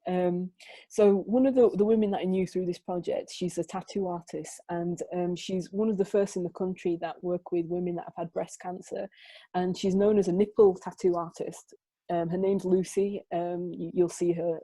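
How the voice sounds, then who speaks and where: Woman telling stories, low and mellow. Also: normal speed, no room sound. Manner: lively storytelling, acts out quoted dialogue; frequent fillers and restarts. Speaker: photographer guest. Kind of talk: presenting her work in an interview.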